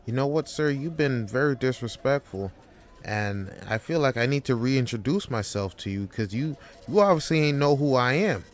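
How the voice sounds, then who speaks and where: A man's voice: medium pitch, expressive, moderate pace, voice pushed up, natural voice. A man voicing a worn-out office clerk who pleads with his boss and then snaps back defiantly. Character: overworked male office clerk pushed to anger.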